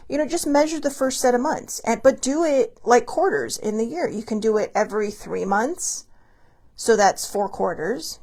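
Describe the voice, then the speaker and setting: A woman hosting her own show, talking casually and candidly, with animated asides and a bit of swearing. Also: fairly high pitch. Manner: animated, many quick asides. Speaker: podcast host. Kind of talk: casual solo talk.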